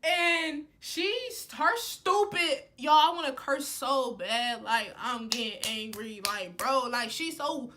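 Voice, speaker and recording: A young woman telling a heated storytime to camera, animated and full of "like" fillers. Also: sits high, slow pace, hardly any pauses. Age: young adult. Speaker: college student vlogger. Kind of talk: casual storytime.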